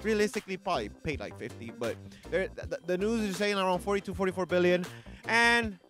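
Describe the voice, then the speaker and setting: A vlogger delivers a casual commentary rant with a bright, edgy voice. The speech is slangy and profane, jumping between excited exclamations and mocking voices for the people being quoted. Faint music plays underneath. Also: medium pitch, brisk.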